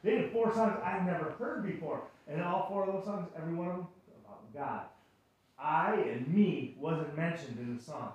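Here a pastor with a fairly high, darkish voice talks at normal speed over lo-fi audio. Preaching conversationally in a church sanctuary, he tells stories, acts out voices playfully and pokes fun at himself. The room echoes and he sits far from the microphone.

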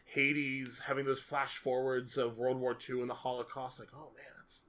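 A man in casual podcast chat who rambles and stays animated. His voice sits at an ordinary middle pitch, and he piles up fillers as he thinks aloud. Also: moderate pace. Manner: animated, rambling, many fillers like "you know". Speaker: podcast co-host. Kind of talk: casual film discussion.

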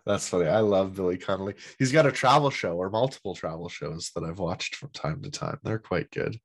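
A man hosting a podcast in casual chat, upbeat and quick to laugh. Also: low-pitched. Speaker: podcast host.

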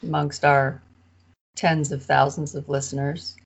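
A woman co-hosting a podcast, retelling a parable in an animated, casual way. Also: low voice, unhurried, creaky, breathy edge. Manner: animated retelling with acted-out quotes. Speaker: co-host of a Bible study podcast.

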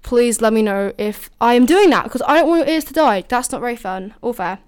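A woman's voice: on the high side, lively intonation, brisk, smooth. A woman hosting a casual solo podcast, talking in a bubbly, gushing way with lots of fillers. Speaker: podcast host.

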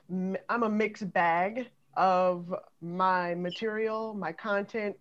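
Slow-talking woman comedian, dull audio. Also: on the low side. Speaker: comedian and sketch writer. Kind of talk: panel discussion.

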